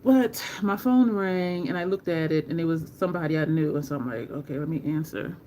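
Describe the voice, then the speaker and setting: A woman hosting a makeup livestream from home, talking slowly and rambling while she greets viewers from the chat. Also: lowish voice, mellow, a little hiss or hum.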